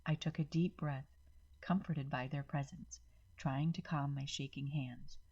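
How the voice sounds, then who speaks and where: Low husky woman narrating a story. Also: measured pace, dull audio. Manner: steady first-person reading.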